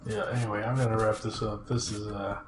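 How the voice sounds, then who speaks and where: A man's voice: on the low side, little pitch movement, brisk, a crowd in the background. A man chatting casually while playing a game, dry and sarcastic, grumbling and swearing casually. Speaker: co-host of a retro gaming show. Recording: echoey room.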